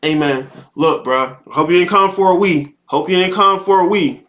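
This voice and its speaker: High, sharp-voiced man preaching a heated rant. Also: moderate pace. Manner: repeats words, frequent rhetorical "okay?". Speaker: host. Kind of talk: live-streamed spiritual monologue.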